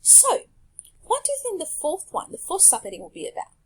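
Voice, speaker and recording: A woman teaching a language lesson over slides, speaking clearly and patiently and pausing so learners can repeat after her. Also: very high-pitched, wildly swooping pitch.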